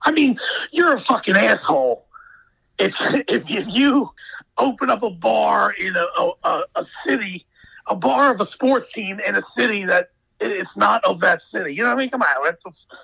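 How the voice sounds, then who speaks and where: Guy ranting on a podcast, husky gravelly voice, bright and dry, swears constantly. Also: sits high, normal speed, no room sound, poor audio. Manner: emphatic, profane ranting. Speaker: podcast guest. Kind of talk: casual chat.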